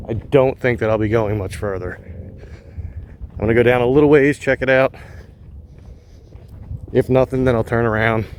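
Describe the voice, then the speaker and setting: A man with a mid-range voice talks his way along wooded trails, relaxed and thinking aloud with little pauses. He records outdoors on a phone held on a gimbal. A faint outdoor noise sits under his voice. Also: medium pitch. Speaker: vlogger exploring a park. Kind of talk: casual walking narration.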